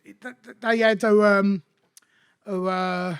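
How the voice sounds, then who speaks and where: A middle-aged London man talking in a high, light voice. He rambles through streetwise stories in a casual interview, swearing freely and doubling back on himself. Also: fairly even intonation, takes it slowly, fairly bright tone, smooth. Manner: rambling, profane, streetwise anecdotes.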